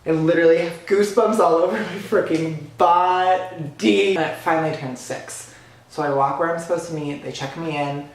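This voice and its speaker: A man vlogging an excited personal story, animated and dramatic, full of "like" and "literally.". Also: fairly high pitch, normal speed, slight background noise. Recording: echoey room.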